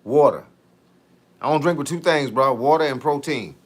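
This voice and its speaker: A man's voice: medium pitch, moderate pace. Slangy, joking man chatting live. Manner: laid-back and joking, heavy slang. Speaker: fitness coach hosting a live stream. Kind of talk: casual live-stream chat, reading viewer comments.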